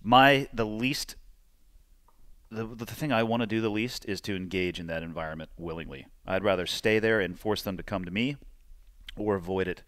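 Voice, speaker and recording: A man hosting a podcast speaks in a very low voice, measured and reflective. The sound is close and dry, with no room around it. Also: a bit bright, dry recording. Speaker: podcast host. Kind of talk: casual conversation. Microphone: close podcast mic.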